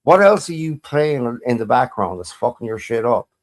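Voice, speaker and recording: A man's voice: mid-range voice, very animated, normal speed. A man from the UK hosting a livestream, brash and sweary, impatiently repeating himself as he grills a caller. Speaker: streamer.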